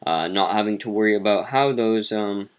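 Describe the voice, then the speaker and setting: A man's voice: fairly low pitch, moderate pace, clean tone. Laid-back man commentating game replays. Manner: relaxed, filler-heavy, self-correcting. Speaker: clan leader narrating war replays. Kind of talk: casual gameplay commentary.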